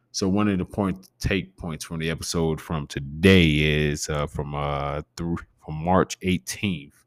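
A man with a gravelly growl in his voice, hosting a podcast in a loose, rambling and profane casual chat. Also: rumbling low, a bit bright, dry recording. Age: adult with a preteen nephew. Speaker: podcast host.

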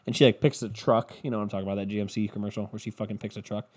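A man's voice: fairly low pitch, fairly even intonation, very fast, few pauses, darkish tone, breathy edge. A man hosting a podcast on his own, ranting casually and profanely in a loose, comedic style. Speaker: podcast host.

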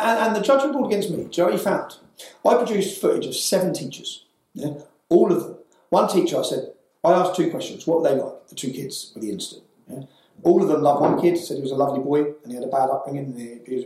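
A man's voice: fairly high pitch, fast talker, a little mellow, very echoey, rough recording. A man telling his story as an interview guest, fervent and pressing, tagging his points with "yeah?". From England. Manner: fervent, tags lines with "yeah?". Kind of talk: heated storytelling.

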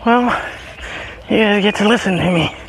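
A man chatting casually as he walks his dogs up a hilly road outdoors, a bit out of breath, now and then calling the dogs in a high sing-song voice. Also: moderate pace, creaky, slight background noise. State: out of breath from walking uphill. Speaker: podcast host. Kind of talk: casual walking vlog.

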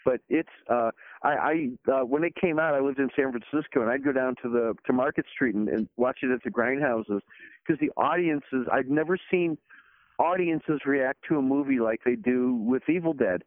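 A man's voice: mid-range voice, moderate pace, no echo. A man, a guest, telling stories in casual chat, heard over a phone line. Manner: rambling, animated storyteller.

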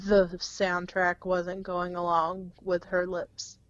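A woman's voice: on the low side, completely flat delivery, takes it slowly, no room sound, low-quality recording. A woman co-hosting a casual podcast chat, blunt and opinionated with dry teasing. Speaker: podcast co-host.

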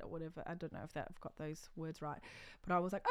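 A woman's voice: low-pitched, fairly even intonation, quick pace, smooth. A woman comedian chatting casually in an interview, telling self-mocking stories and laughing often. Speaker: comedian guest.

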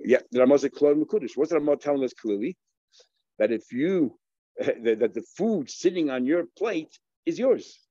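A man teaching a Talmud page, working it through aloud with questions and many restarts, his speech full of Hebrew and Aramaic words. His voice sits at an ordinary pitch. The recording is dry and a little muffled. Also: dark tone, no echo. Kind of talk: Talmud lesson.

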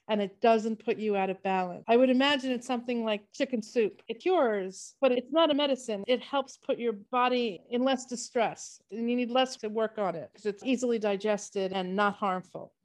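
A woman's voice: fairly high pitch, moderate pace, hardly any pauses. A woman co-hosting a podcast, chatting casually and telling long rambling stories. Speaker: podcast co-host. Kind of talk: casual chat.

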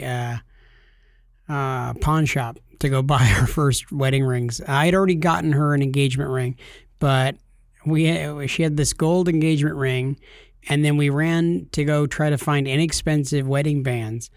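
A man's voice: on the high side, fairly even intonation, normal speed, no echo, studio quality. A man co-hosting a casual podcast, telling stories and cracking jokes. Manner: joking storyteller, puts on silly voices. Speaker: podcast co-host.

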